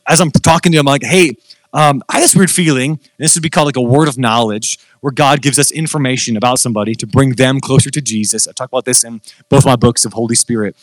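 Animated, joking man preaching. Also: no room sound. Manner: animated, self-deprecating humor, jumps to high pitch when excited. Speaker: guest preacher. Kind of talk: sermon storytelling.

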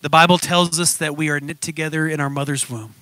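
A man's voice: on the high side, steady tone, fast talker, bright, forceful tone, no echo. A male preacher closing his sermon with earnest, emphatic storytelling.

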